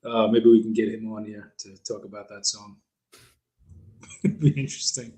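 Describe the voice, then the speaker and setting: A man co-hosting a fatherhood podcast in relaxed, casual conversation. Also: on the low side, normal speed, low-quality recording. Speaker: podcast co-host.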